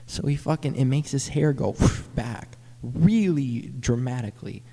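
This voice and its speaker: A young man telling a rambling, profane story, excited and stumbling over his words. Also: medium pitch, a little slow, in a large hall. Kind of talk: casual profane anecdote.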